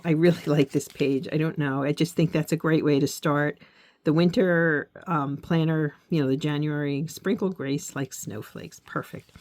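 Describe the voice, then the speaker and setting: A woman's voice: low-pitched, darkish tone. A woman vlogging as she sets up her journal, talking earnestly and encouragingly straight to her viewers, often checking in with them. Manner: reflective, with frequent "okay?" check-ins. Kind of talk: casual heartfelt talk while crafting.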